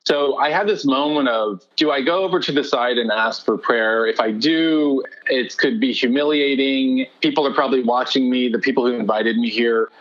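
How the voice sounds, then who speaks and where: A man telling his personal faith testimony as an interview guest, earnest and animated. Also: mid-range voice, moderate pace, hardly any pauses, muffled recording.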